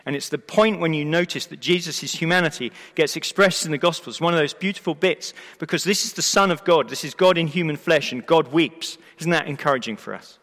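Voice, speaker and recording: A male preacher gives a sermon to a gathered congregation, with a slightly higher voice than most men. He speaks in an expressive, emphatic way, peppered with rhetorical questions and restarts. The sound carries a long reverb from the large hall. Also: brisk, hardly any pauses. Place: church or hall before a live congregation.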